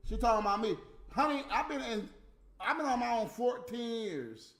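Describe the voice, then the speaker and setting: A man's voice: sits high, very animated, normal speed, reverberant. A middle-aged man ranting on a livestream, blunt and exasperated, cursing freely. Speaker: livestream host. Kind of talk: profane off-the-cuff rant.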